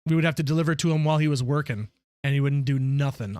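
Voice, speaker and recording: A man streaming live, telling stories in a casual, profane, animated way. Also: a little high, fast, clean tone, no echo.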